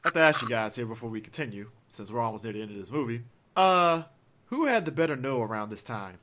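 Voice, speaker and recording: A man's voice: mid-range voice, expressive, quick pace, a bit bright. A man co-hosting a casual movie review podcast, blunt and profane, joking and mimicking characters from the film. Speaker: podcast co-host.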